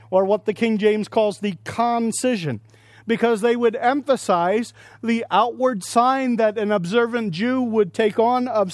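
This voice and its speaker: Male preacher at a conference, higher voice, teaching earnestly with everyday examples, dry close sound. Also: a little mellow, no echo. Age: adult with young children. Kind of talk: sermon. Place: conference session.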